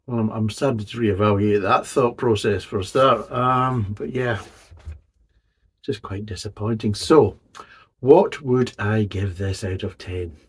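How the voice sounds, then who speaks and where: A man's voice: lowish voice, husky. A man, hosting a casual beer review and talking bluntly, swearing and rambling as he goes.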